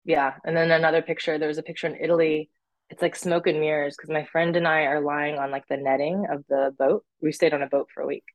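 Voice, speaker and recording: A woman's voice: low voice, level tone, fast talker, dry recording, muffled recording. A young woman telling stories in casual chat, who fills her talk with "like" and acts out quotes. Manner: chatty storyteller, says "like" a lot, acts out quotes.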